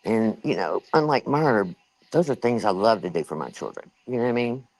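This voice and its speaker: A woman's voice: a bass voice, expressive, brisk, darkish tone, no room sound, poor audio. An older woman hosts a livestream, telling a rambling, chatty story with lots of fillers, a little out of breath. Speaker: livestream host. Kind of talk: casual storytelling to a live chat.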